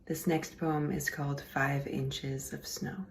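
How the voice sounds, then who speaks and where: A woman reads her own poems aloud at a live event. Her voice is very low with a gravelly fry, and she reads slowly and softly. Now and then she drops almost to a whisper. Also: fairly even intonation, a little hiss or hum. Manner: soft, unhurried reading, drifting into near-whispers. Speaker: poet. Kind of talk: poetry reading. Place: live poetry marathon event.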